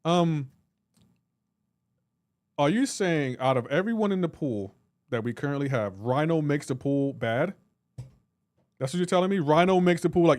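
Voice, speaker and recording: A man's voice: fairly high pitch, expressive, normal speed, pauses often, darkish tone, no echo. A man on a live reaction stream, teasing and bantering with his chat and laughing often. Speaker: livestreamer.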